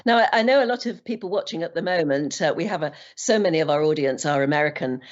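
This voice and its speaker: A woman from Britain interviews her guests and keeps the talk moving with her questions. Her pitch moves a lot and sounds animated. The recording is somewhat dull. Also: quick pace. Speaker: journalist, interviewer.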